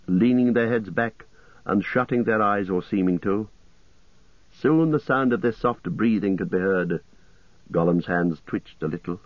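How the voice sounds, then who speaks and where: A man narrating a story aloud in a steady, measured reading voice. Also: lowish voice, no room sound. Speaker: audiobook narrator. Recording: muffled lo-fi audio, dry.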